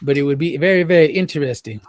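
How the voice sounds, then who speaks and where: A man's voice: a little high, quick pace. A man co-hosting a casual wrestling podcast, easygoing and loose. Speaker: podcast co-host.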